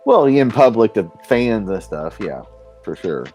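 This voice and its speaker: A man hosting a live stream, talking in a rambling, profane, animated way. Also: fairly low pitch, moderate pace, husky, soft background music. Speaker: stream host. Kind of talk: casual chat.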